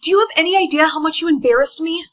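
A woman playing a sassy, quick-tempered young woman in a TikTok POV skit. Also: very high voice. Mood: angry. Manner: sassy, snappy comebacks.

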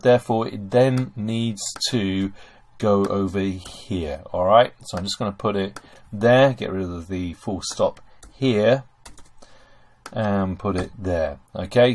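Guy talking through german grammar on screen, lowish voice, lots of okays. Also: a little slow, darkish tone. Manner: chatty, with many okays and fillers. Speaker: German teacher. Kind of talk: screen-recorded grammar lesson.

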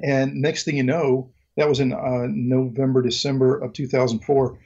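A man's voice: mid-range voice, little pitch movement, normal speed, dark tone, slightly rough, dull audio. A middle-aged man from Mississippi with a Southern accent, a guest telling stories in a rambling, joking way with many ums and restarts. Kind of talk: casual interview storytelling.

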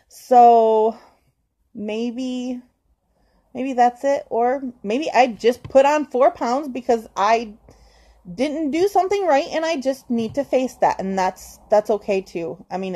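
A woman's voice: fairly high pitch, dark tone. A woman talking to camera in a personal confessional vlog, hesitant and earnest, with frequent ums and restarts as she encourages herself. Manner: hesitant, many ums and restarts, talks straight to the viewer. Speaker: vlogger.

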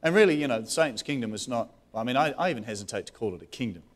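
Animated pastor preaching a sermon. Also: male voice, medium pitch, racing. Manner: animated preaching with restarts, rising questions and dropped asides. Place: church.

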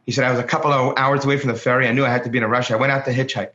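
A rabbi telling stories with a bright, forceful voice that jumps up when he acts out the people in them. He stumbles and restarts often. The sound is roomy and dull, like a video call. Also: mid-range voice, racing. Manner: animated, acts out quoted voices, many restarts. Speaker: rabbi, co-host. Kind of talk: storytelling in casual conversation. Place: home, speaking remotely.

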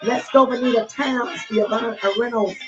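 Woman bishop, slightly high voice, exuberant, greeting viewers by name; dull lo-fi stream with music behind. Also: steady tone, normal speed. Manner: exuberant, calls out names, laughs often. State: teary and emotional. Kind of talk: livestream greeting to online congregation.

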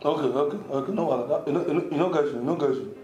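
A man's voice: on the high side, rapid-fire, darkish tone, faint music behind, lightly acted. An actor with a Nigerian accent playing a bumbling young houseboy who stammers and pleads with his bosses. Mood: pleading. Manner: stammering, repeats filler phrases, pleading. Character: bumbling young male houseboy, sly and stubborn.

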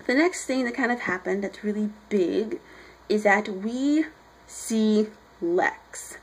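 A woman's voice: mid-range voice, slow, slight background noise, poor audio. A young woman reviewing a comic book in casual chat, rambling and chatty as she retells scenes.

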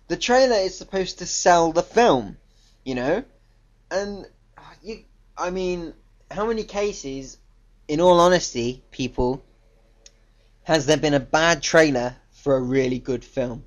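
A man's voice: on the high side, lively intonation, measured pace. A man giving a casual, ranting film review, blunt, profane and exasperated, on a dull lo-fi recording.

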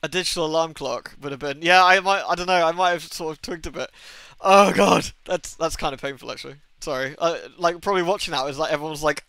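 A man's voice: a little high, fast talker, hardly any pauses, pushed and bright, clean tone, no echo. A young man streaming a game live, rambling to chat with lots of swearing and exasperated asides. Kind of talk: casual live-stream chat while gaming.

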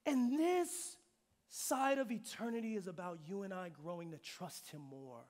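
A young man with a high voice preaches a lively, humorous sermon in a church hall. He talks casually and plays out little scenes, then drops to a near whisper or climbs to a shout. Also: measured pace. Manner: animated preaching, swinging from loud shouts to hushed whispers; informal and humorous, slipping into playful voices. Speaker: pastor. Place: church hall before a young adult congregation.

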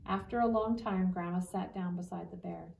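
A woman reading a children's book aloud at a steady storybook pace. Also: on the low side, moderate pace, creaky, a little hiss or hum. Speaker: reader. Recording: echoey room, distant mic.

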